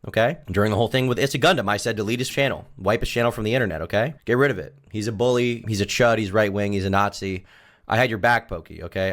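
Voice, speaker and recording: A man streaming live, delivering a melodramatic, self-pitying mock-serious rant in a deadpan tone. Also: fairly low pitch.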